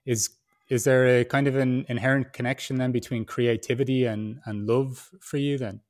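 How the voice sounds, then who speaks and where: A man's voice: medium pitch, level tone, moderate pace. A man hosting a podcast interview, who talks thoughtfully and searches for his words as he goes. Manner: thoughtful, searching, hesitant phrasing. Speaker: podcast host. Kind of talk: interview conversation.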